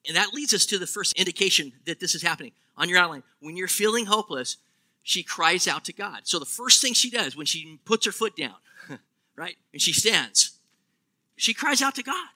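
A man preaching a sermon, animated and asking the congregation questions. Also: high-pitched, moderate pace. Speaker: pastor.

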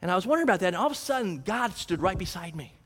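Animated man telling a Bible story as its hero. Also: high voice, rapid-fire. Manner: animated, conversational, humorous asides. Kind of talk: dramatic first-person Bible storytelling. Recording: reverberant hall.

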